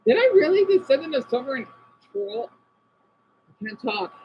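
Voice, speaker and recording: An American livestreamer chats loosely with his viewers in a scattered, rambling way, reacting aloud to chat and drifting from one thought to the next. His pitch swings widely while his speed stays normal. The audio is dull and lo-fi with a faint hum underneath.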